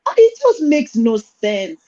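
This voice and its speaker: A woman calling into a livestream discussion on earphones, talking excitedly, her call audio breaking up. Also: fairly high pitch, a little slow, muffled recording, slight background noise. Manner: excitable, loud when excited. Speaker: caller on livestream. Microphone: earphones on video call.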